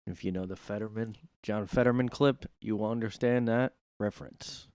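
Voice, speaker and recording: Guy from south jersey rambling into his mic at home, smooth clear voice, lots of uhs and likes, super dry sound. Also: fairly low pitch, fairly even intonation, moderate pace, darkish tone, no echo. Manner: rambling, filler-heavy and jokey. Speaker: podcast host. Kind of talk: casual solo monologue. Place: his own room.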